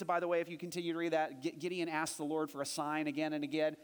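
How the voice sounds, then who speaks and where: High-voiced man preaching a sermon. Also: fast, few pauses, clean tone. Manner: animated, acts out quoted voices with rising pitch. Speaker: pastor.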